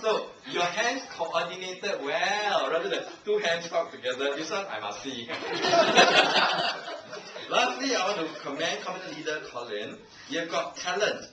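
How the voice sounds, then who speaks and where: Pausing hardly at all, a man from Singapore talks at normal speed in an expressive, higher voice, giving a teasing and humorous language evaluation at a club meeting. He laughs often and speaks with a Singaporean English accent. A handheld camcorder far from him picks up an echoey, noisy meeting room with a live audience.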